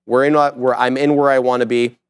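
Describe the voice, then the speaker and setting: A man hosting a live trading stream, talking through his trades and chart levels in brisk, self-mocking banter. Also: medium pitch, level tone, smooth. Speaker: live trading show host. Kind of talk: live market commentary.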